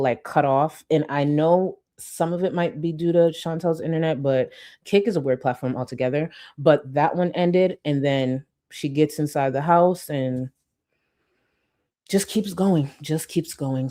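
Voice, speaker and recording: Low-voiced woman giving blunt commentary. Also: normal speed, mellow. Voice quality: blunt, profane, sarcastic. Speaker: commentary host. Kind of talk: reaction commentary.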